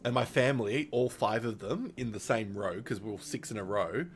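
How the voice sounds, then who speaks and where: Low-voiced man telling a rambling story. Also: moderate pace, slight background noise. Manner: rambling, with many fillers and small laughs. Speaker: streamer. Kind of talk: casual storytelling.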